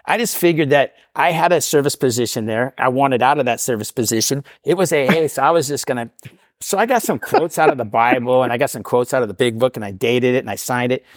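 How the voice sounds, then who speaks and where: A man's voice: medium pitch, fast talker, no room sound, studio quality. A middle-aged man, a podcast guest, telling his recovery story casually, often tagging "right?" and laughing at himself.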